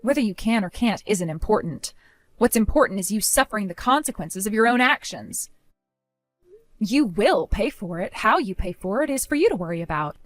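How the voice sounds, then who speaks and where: A woman narrating her own dramatic story, speaking in a cold, indignant and forceful way. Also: medium pitch, expressive, normal speed, no echo. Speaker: narrator of a first-person story.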